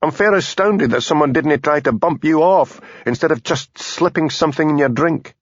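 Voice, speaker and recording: A man reading aloud, voicing a patient police constable with a Scottish Highland accent and a mild, dry way of talking. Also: sing-song, normal speed, no echo, highs cut off.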